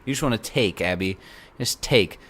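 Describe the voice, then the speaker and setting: A man's voice: fairly low pitch, expressive, normal speed, a bit bright. A man hosting a casual podcast chat, joking and rambling with many restarts. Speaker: podcast host.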